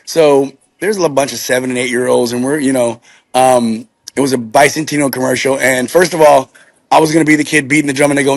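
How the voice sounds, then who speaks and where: Animated middle-aged man telling stories. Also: fairly high pitch, brisk, no echo, studio quality. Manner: animated storyteller acting out quotes. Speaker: guest. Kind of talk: casual anecdote telling.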